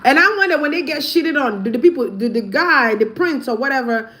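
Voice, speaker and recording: A woman with a high voice talking straight to her audience in a loose vlog. She is blunt and profane and keeps laughing mid-sentence, with a faint hiss of noise behind her. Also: expressive, a little fast. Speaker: vlogger. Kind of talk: casual commentary.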